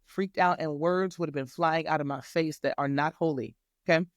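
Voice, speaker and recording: A woman guest on a podcast, a life coach, telling a faith testimony in an animated, emphatic way and acting out the dialogue. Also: low voice, moderate pace, dry recording, studio quality. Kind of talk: faith testimony storytelling in casual chat.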